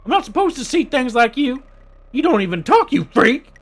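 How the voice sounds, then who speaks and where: A man voicing a panicked indoor cat that yells in a shrill, frantic voice. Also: sing-song, moderate pace, heavily acted.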